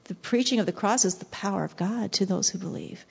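A woman preaching a devotional sermon, passionate, dropping to soft whispers and rising to intense bursts. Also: mid-range voice, a little fast, creaky, husky. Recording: dull lo-fi recording.

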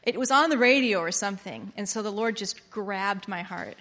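A woman preaching a sermon, switching from hushed, confiding lines to loud, excited outbursts. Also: mid-range voice, normal speed. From Pennsylvania. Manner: animated, swinging from hushed to loud exclamations. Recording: long hall reverb.

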